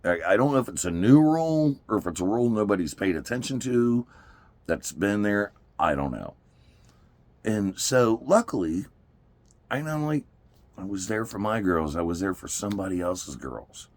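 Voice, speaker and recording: Animated deep-voiced man. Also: moderate pace, dry recording. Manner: animated, laughing often, acts out quotes. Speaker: father telling a story. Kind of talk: casual storytelling.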